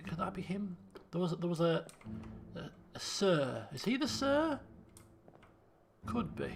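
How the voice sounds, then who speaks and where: A man commentating a game stream in a high, raised voice with a gravelly edge to it. He mutters to himself and reasons aloud as he puzzles over clues. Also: slight background noise. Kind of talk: let's play commentary.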